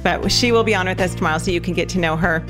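A woman's voice: lowish voice, racing, music in the background. A woman in her thirties hosting a podcast, chatting fondly with her daughter and laughing often. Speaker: podcast host. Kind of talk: casual podcast chat.

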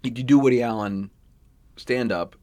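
A man in his thirties hosting a podcast, chatting casually about musicals and slipping into animated quoted voices. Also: medium pitch, normal speed, crowd noise. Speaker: podcast host.

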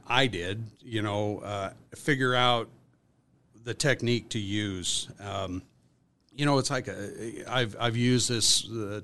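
A man as a podcast guest, telling a workplace story in a casual, animated way with lots of fillers. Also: medium pitch, smooth. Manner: animated storyteller, acts out quotes, many fillers.

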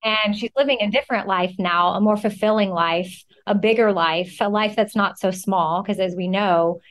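A woman's voice: mid-range voice, normal speed. Upbeat woman hosting a podcast. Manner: warm, enthusiastic, complimentary. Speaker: podcast host. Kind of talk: casual interview chat.

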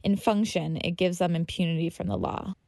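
A woman's voice: fairly low pitch, steady tone, a little fast, gravelly, darkish tone, no echo. A woman telling her own story as scripted narration, tense and vivid. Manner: tense, vivid storytelling with heated quoted outbursts.

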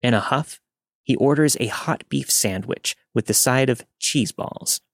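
Male storyteller, even measured read, dry booth sound. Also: mid-range voice, no room sound. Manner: steady, measured reading. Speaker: horror story narrator. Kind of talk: scripted first-person narration of a listener story.

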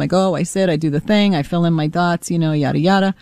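Fast-talking animated New woman. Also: lowish voice, smooth, dry recording, clean studio sound. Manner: animated storyteller who acts out voices. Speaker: radio co-host. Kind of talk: casual talk radio banter.

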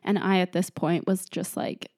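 A young woman hosts her show, casually telling a story with lots of "like" fillers and frequent laughter. Her voice is on the low side and a little mellow, with fairly even intonation and a moderate pace, recorded at studio quality with no echo.

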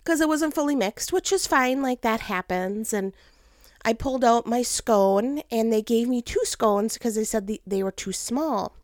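A mother telling a casual personal story with a life lesson, animated and laughing often as she acts out what people said. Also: on the high side, normal speed, no room sound, clean studio sound.

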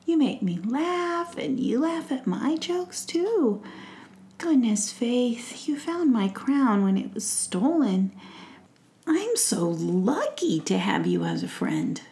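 A woman's voice: fairly high pitch, wildly swooping pitch, slow pace, a little mellow, voice pushed up, heavily acted. A woman doing a gushing young fairy prince, whispered role-play. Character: kind warm-hearted young male fairy prince.

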